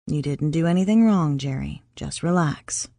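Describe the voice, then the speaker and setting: A woman voicing a gentle young man who soothes and calms in a low, soft voice. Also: moderate pace, gravelly, no echo, studio quality. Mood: soothing.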